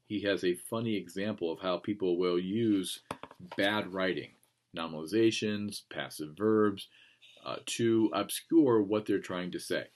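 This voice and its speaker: A man giving a classroom lecture on clear writing, explaining plainly with frequent ums and reading passages aloud. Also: on the low side, a little mellow. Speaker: teacher.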